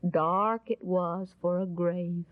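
A woman narrating a Bible story in a folksy, expressive way and appealing to the listener. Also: lowish voice, takes it slowly, no echo. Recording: dull lo-fi recording.

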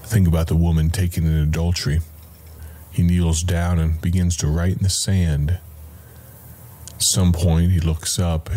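A man's voice: sits low, fairly even intonation, mellow, husky. A man hosting a radio Bible program, giving a reflective devotional sermon in a conversational way, calling the listener his friend. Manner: slow, deliberate, reflective delivery with pauses.

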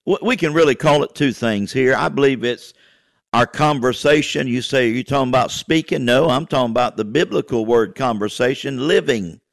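A man's voice: on the high side, gravelly, fairly bright tone, dry recording. A man preaching a fervent radio sermon, repeating phrases and calling out "amen" and "hey, listen" to his listeners.

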